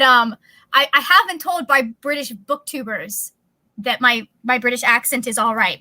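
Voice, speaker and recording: A woman's voice: high-pitched, bright, forceful tone, no room sound. A woman hosting a livestream in casual chat, talking over a video call, chatty and laughing often. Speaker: livestream host.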